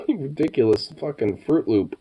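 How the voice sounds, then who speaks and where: A man's voice: mid-range voice, warm tone, a little hiss or hum. A young man chatting late at night to his pets, stoned and sleepy, cooing baby talk, swearing, laughing often. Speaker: vlogger.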